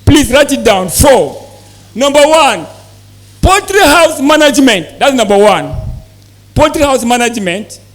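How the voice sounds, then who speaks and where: A man's voice: very high-pitched, very animated, moderate pace, fairly bright tone. A man giving a live seminar talk to farmers, repeating points and asking the audience questions. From Nigeria. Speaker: sales manager giving a farm talk.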